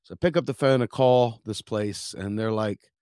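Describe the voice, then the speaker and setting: This middle-aged American podcast host delivers a story as an informal rant, swearing and animatedly performing the quotes. His voice is smooth and on the low side at a normal speed, in a dry, studio-quality recording.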